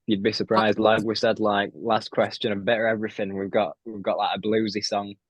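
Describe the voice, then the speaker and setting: A man's voice: fairly low pitch, level tone, brisk, dry recording, rough recording. A teenage man, a laid-back, slangy band member in casual chat. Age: teens.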